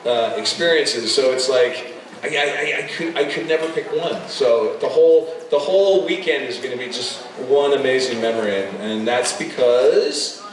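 A man speaking as a guest on a convention panel, effusive and animated, often restarting his sentences. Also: mid-range voice, normal speed. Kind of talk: casual panel talk. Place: large convention hall. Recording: echoey hall, far-off mic, crowd noise.

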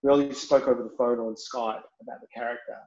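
A man's voice: medium pitch, fairly even intonation, quick pace, a little mellow. Male director, blunt and candid, casual swearing, echoey muffled room recording. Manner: frank and upfront, swears casually. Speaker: film director, guest. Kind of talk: candid interview talk. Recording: roomy, slightly dull recording.

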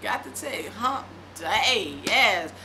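A middle-aged woman vlogging, chatting casually and reading aloud from a book, with animated, loose storytelling. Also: medium pitch, slow pace, noisy background.

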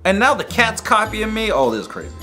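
A young man doing casual gameplay commentary as a YouTuber, excitable and joking, with loud exclamations. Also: sits high, a little fast, over loud music.

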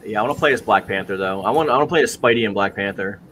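A young man from New York with a New York accent, chatting casually while reacting to a live stream, full of "like" and quick laughs. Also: on the low side, fairly bright tone, slight background noise.

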